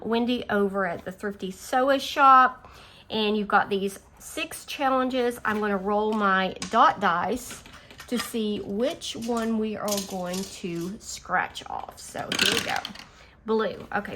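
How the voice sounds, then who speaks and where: A woman's voice: medium pitch, sharp tone. Chatty woman counting savings aloud. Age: adult. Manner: counts money aloud, chatty and easily amused. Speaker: budgeting channel host. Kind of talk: casual chat while scratching savings challenges. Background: faint engine noise from a utility vehicle outside.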